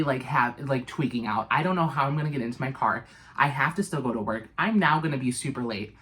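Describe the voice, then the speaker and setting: A young woman vlogger telling a storytime tale in a casual, animated way, full of fillers and swearing. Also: extremely low pitch, fairly quick.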